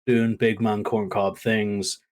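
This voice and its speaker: A man co-hosting a wrestling podcast, talking casually in an animated, rambling way with many fillers. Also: lowish voice, takes it slowly, crowd noise. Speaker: podcast co-host.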